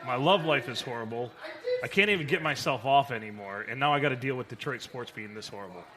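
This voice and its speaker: A man's voice: mid-range voice, quick pace, a crowd in the background. A man co-hosting a podcast live from a tavern, joking crudely and laughing at himself. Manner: animated, crude, self-deprecating, frequent laughter. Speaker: podcast co-host. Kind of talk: crude comedic bar banter. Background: music.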